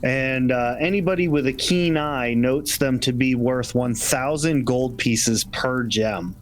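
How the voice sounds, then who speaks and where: Slow-paced game master narrating. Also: male voice, medium pitch, faint music behind. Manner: slow, descriptive narration with chuckles. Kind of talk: narrating a tabletop game for a live chat.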